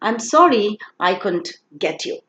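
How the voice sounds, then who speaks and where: An apologetic young woman politely asking her teacher, as a woman reads her lines. The pitch moves a lot, and the room echoes. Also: very animated, a little slow, a bit bright, lo-fi sound. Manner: apologetic, courteous reading.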